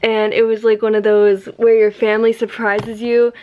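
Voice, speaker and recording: A woman's voice: a little high, completely flat delivery, moderate pace, darkish tone. A young woman in her twenties talking casually to camera in her vlog, emotional and gushing, laughing between thanks. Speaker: vlogger.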